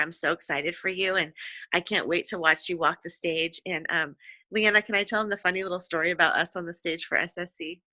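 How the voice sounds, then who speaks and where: A woman's voice: on the low side, pushed and bright, dry recording. Effusive woman on a team call. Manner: effusive, encouraging, rambling with many fillers. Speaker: direct sales team leader. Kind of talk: motivational talk on a team call. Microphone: conference call.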